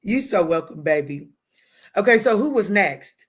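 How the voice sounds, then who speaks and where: A woman giving a live tarot reading, talking straight to her viewers in an animated, emphatic way, using pet names and casual swearing. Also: mid-range voice, normal speed. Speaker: tarot reader answering live chat.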